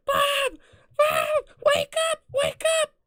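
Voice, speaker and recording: A man voicing a frantic young woman friend, yelling and shrieking in panic to wake someone up. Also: extremely high pitch, flat delivery, very fast, pitched above the performer's own voice.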